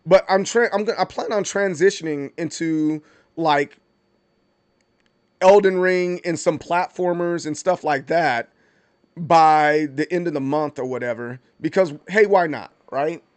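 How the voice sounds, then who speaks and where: A male streamer talks in a relaxed, chatty way, repeating himself as he restarts sentences and then working up into playful mock indignation. His voice sits a bit higher than most men's. The sound is close and dry, with no room around it. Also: measured pace, clear, resonant tone, no echo. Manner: animated, stammering restarts, mock outrage. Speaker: livestream host. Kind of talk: casual livestream chat.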